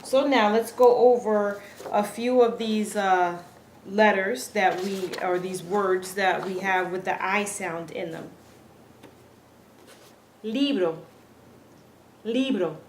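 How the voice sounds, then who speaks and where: A woman gives a pronunciation lesson in a slow, unhurried way. She patiently says each word twice for the listener to copy. Her voice carries an echo from the room, with a faint hum of noise behind it. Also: mid-range voice, fairly even intonation. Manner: patient, repeats words slowly for practice. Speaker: Spanish pronunciation teacher.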